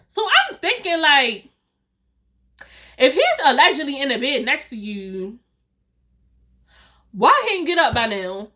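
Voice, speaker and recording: Brief: high, bright-voiced woman vlogger, animated storyteller, quotes everyone. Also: unhurried, long pauses. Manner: animated, quotes dialogue, laughs often. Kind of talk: storytime vlog.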